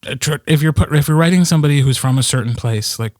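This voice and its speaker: A man's voice: fairly high pitch, quick pace, no room sound, clean studio sound. A man who narrates audiobooks, co-hosting a podcast in casual chat with many fillers and restarts.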